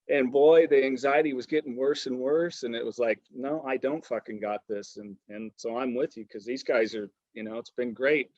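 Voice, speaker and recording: A man's voice: medium pitch, no echo, lo-fi sound. A man hosting a podcast who talks in a casual, frank way and swears freely. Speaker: podcast host. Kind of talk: casual interview chat.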